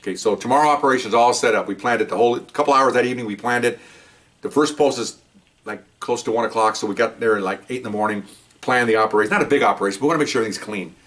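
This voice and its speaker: An older man, a retired police officer, telling a story casually and jumping up in pitch as he acts out the dialogue. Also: very fast. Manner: animated, jumps up in pitch when acting out dialogue. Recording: voice picked up from a distance.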